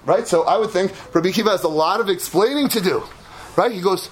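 A man giving an animated Torah sermon, building to shouts and peppering his talk with Hebrew and Yiddish terms. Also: high voice, fairly quick, slight background noise.

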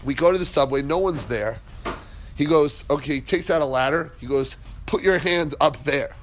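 A man with a somewhat high voice gives a relaxed Torah class. He talks in a chatty, wandering way and breaks into laughter as he tells stories. A faint background noise sits under his voice. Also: moderate pace. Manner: chatty, digressive, laughs while telling stories. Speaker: Torah teacher. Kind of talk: casual Torah class with storytelling.

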